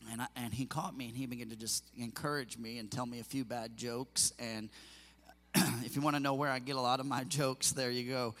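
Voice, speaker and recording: A man's voice: mid-range voice, steady tone, fairly quick, fairly bright tone. A middle-aged male pastor preaching a sermon in an earnest, emotional way, often repeating himself and restarting phrases. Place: church sanctuary. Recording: long hall reverb.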